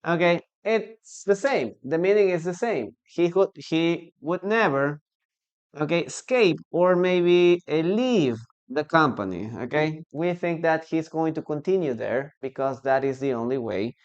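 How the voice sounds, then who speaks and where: A man with a Peruvian Spanish accent teaching an online English lesson, slow and deliberate, repeating words for learners. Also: on the high side, lively intonation, clean tone, dull audio.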